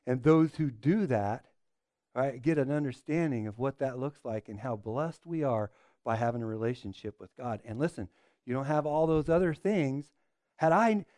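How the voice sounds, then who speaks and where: A pastor preaching a sermon in a mellow, dark-toned male voice. He presses his listeners with rhetorical questions and stumbles over repeated words as he builds his points. The sound is dry and close, with no room around it. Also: medium pitch, no echo.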